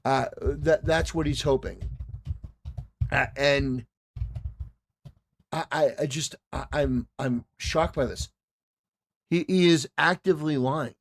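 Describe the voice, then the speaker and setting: A man's voice: a little high, takes it slowly, vocal fry, long pauses. A man hosting a reaction commentary, talking back at a clip with mocking, indignant remarks. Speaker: commentary host.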